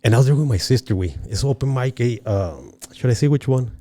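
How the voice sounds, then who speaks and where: A man's voice: medium pitch, a little fast. A man from El Paso, a guest comedian, tells stories in a casual podcast chat. He swears freely, acts out the scenes he describes, and slips into Spanish. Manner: profane, animated, slips into Spanish.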